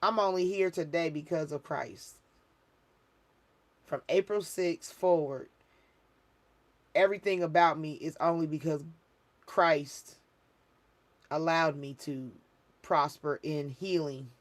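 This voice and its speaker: A woman's voice: deep voice, takes it slowly, pauses often. A woman hosting a spiritual reading livestream, talking casually in an emphatic, rambling, preachy way. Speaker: spiritual reader and livestream host.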